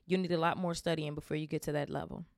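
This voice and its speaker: A woman voicing a big, gruff, kindly male groundskeeper who speaks loudly and bluntly in a homely way, in a storybook reading. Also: sits low, fairly even intonation, quick pace, dry recording, studio quality. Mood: stern.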